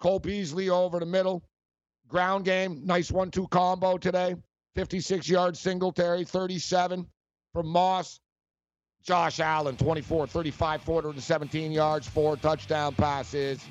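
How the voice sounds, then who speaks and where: Heated, ranting sports talk host. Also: male voice, high voice, level tone, normal speed, lo-fi sound.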